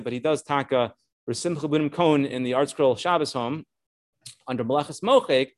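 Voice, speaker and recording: A man teaching a live Torah class on Jewish law, explaining cases in yeshiva-style English full of Hebrew terms and stressing key points. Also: mid-range voice. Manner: explanatory, lively emphasis on key points, frequent restarts.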